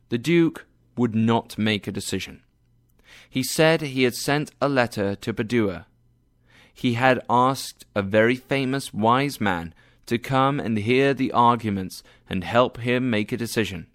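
A man narrating a story in a slow, clear, deliberate reading style. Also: medium pitch, no room sound, clean studio sound.

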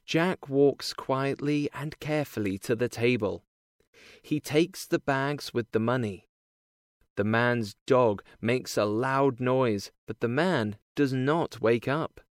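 A man's voice: mid-range voice, slow pace, no echo, studio quality. A man reading a simple storybook aloud in a plain, careful way. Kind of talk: simple storybook narration for learners.

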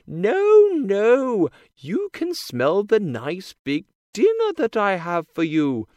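A man voicing a giant's anxious wife in a storybook reading, soothing her husband in a high, slow voice. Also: wildly swooping pitch, a little mellow, dry recording, muffled recording, heavily acted. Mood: nervously soothing.

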